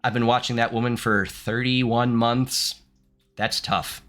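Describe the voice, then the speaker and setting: A man's voice: medium pitch, flat delivery, unhurried, fairly bright tone, soft background music. A man from the United States streaming gameplay, reading game text aloud and chatting playfully with his viewers, laughing often. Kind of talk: live-streamed gameplay commentary.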